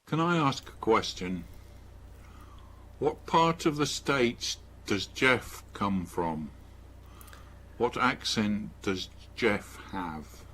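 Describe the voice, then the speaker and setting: A man's voice: fairly low pitch, expressive, drawn-out words, a bit bright, slight background noise. A man with a Gloucestershire English accent in a casual online discussion, easygoing and good-humoured. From Gloucester, England. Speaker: participant.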